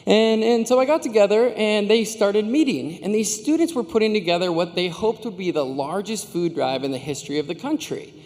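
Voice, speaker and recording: A man's voice: high voice, brisk, few pauses, a little mellow. A man in his thirties giving a commencement speech, telling stories and joking with the audience in a self-deprecating way. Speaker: commencement speaker. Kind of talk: storytelling speech to graduates. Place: large arena venue. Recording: hall reverb from a large arena.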